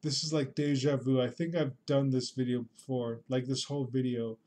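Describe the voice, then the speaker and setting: A man's voice: mid-range voice, level tone, normal speed, dark tone. A man casually commenting on a livestream, with a dry and unimpressed manner, sighing and muttering as he reacts.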